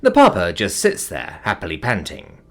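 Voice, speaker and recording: A man narrating a science fiction story in a scripted, expressive way. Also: low voice, normal speed, creaky.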